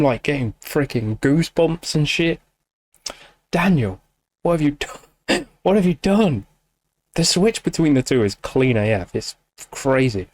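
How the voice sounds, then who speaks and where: A man's voice: medium pitch, darkish tone. A man hosting a music reaction video, speaking casually and emotionally, with frequent swearing and fillers. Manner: emotional, gushing, swears freely, many fillers. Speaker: music reaction channel host.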